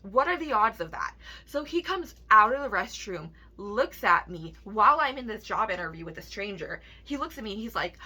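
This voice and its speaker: A woman's voice: mid-range voice, sing-song, moderate pace, bright, forceful tone, husky. A young woman telling a personal story in a rambling, profane vlog rant full of "like". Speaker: vlogger.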